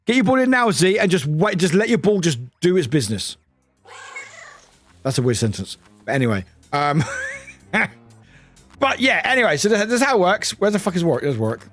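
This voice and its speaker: A man's voice: sits high, sing-song, moderate pace, pauses often, fairly bright tone, dry recording, faint music behind. A British man streaming live, chatting casually with viewers, swearing freely and laughing often.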